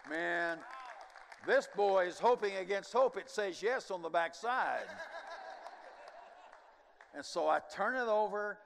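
An older male preacher tells his story from the pulpit, his voice sitting a little high. He drops to a near hush, then surges loud with chuckling asides. His words ring out with the long reverb of a big sanctuary. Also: lively intonation, takes it slowly, gravelly, pauses often, a faint crowd. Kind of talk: sermon testimony storytelling. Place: large church sanctuary.

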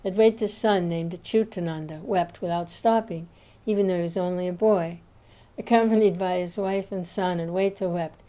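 A woman reading a devotional scripture aloud in a measured, reverent narration. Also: on the low side, fairly even intonation, warm tone. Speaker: reader.

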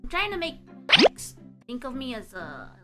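A woman's voice: high-pitched, wildly swooping pitch, moderate pace, loud music behind the voice. A woman streamer chatting casually with friends in a playful, teasing way. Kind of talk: casual chat.

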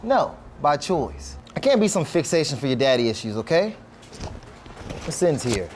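A man playing a cold, professional male hitman who talks in clipped, flat, dismissive lines. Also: a little high, normal speed, slight background noise. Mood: contemptuous. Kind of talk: web series drama acting.

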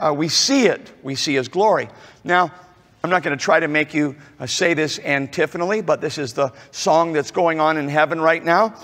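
Gravelly pastor preaching in a big hall. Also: male voice, on the high side, a bit bright. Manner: halting, many fillers, drops to near-murmur then rises. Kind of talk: sermon. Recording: long reverb of a large hall.

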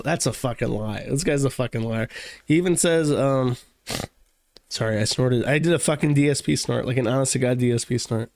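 A man's voice: mid-range voice, brisk, gravelly, a little mellow, no echo, clean studio sound. A man hosting a livestream show, giving casual commentary at his computer desk in a rambling, profane way, full of fillers and restarts. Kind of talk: casual commentary reading out online posts.

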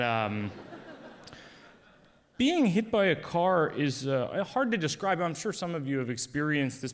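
Smooth-voiced deadpan male storyteller. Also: medium pitch. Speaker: comedian. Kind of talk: stand-up storytelling.

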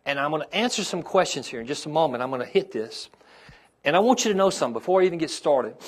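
A man's voice: on the high side, a bit bright. A man, a pastor preaching a sermon to his congregation and calling out to them as his intensity rises.

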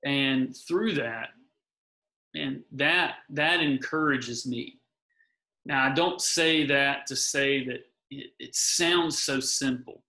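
A man's voice: mid-range voice, slow, bright, forceful tone, poor audio. A man speaking as a guest in an earnest, encouraging faith talk, often repeating his key phrases.

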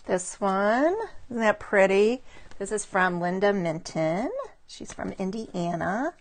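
On a casual live craft stream, a middle-aged stamping demonstrator shows viewers a stack of handmade cards, speaking slowly at a medium pitch. She is chatty and admiring, greeting viewers by name as she goes.

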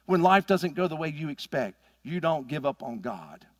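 A middle-aged man preaching a sermon as pastor, swinging from loud emphatic peaks to quiet asides. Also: on the high side, big pitch swings, normal speed, no echo, studio quality. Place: church sanctuary.

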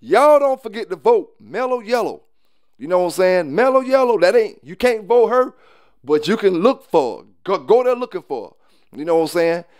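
A man's voice: sits high, big pitch swings, moderate pace, darkish tone, no room sound, clean studio sound. A man, talking to camera casually and bluntly, repeating himself and asking if you know what he's saying. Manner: loose, repetitive, often asks "you know what I'm saying"; blunt and preachy, with short laughs. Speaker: dog kennel owner.

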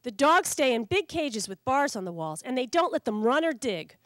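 A woman voicing a brash, mean male guard dog in a storybook reading, in a gruff, warning tone. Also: high-pitched, very animated, normal speed, dry recording, clean studio sound.

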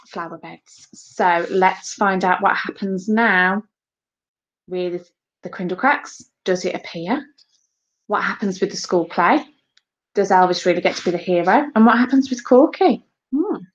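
Casting: woman teacher, slow expressive read-aloud, muffled lo-fi audio. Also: medium pitch. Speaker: primary school teacher. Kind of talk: reading a children's book aloud.

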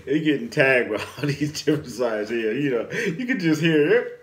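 A man telling a story casually and animatedly, with his voice rising and falling freely. His pitch sits a little above the usual male range, and he chuckles throughout the telling. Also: measured pace, hardly any pauses. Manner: animated, laughs often while telling. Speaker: storyteller vlogger.

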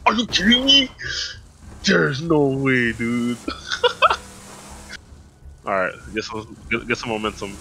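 A young man hosting a gaming stream, chatting casually with friends, excitable, laughing often and swearing. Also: medium pitch, takes it slowly, long pauses, soft background music. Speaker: gaming channel host.

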